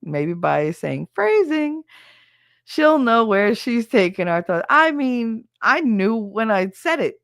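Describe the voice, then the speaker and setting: A woman tells a story on her podcast, animated and full of laughter. She swears freely and acts out other people's voices. The sound is dry and close. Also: on the high side, takes it slowly, dry recording. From New Jersey, USA. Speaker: podcast host. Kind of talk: casual storytelling chat.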